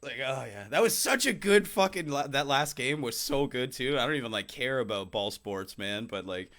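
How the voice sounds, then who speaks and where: A man's voice: medium pitch, lively intonation, normal speed, a bit bright. A man co-hosting a podcast in casual chat, rambling and swearing, often laughing. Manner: rambling, profane, laughs a lot. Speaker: podcast co-host.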